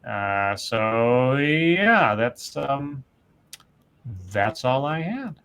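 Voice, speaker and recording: A man's voice: mid-range voice, sing-song, extremely slow, fairly bright tone, clear, resonant tone. A man co-hosting a podcast, reading out news stories and quotes with frequent fillers and casual commentary.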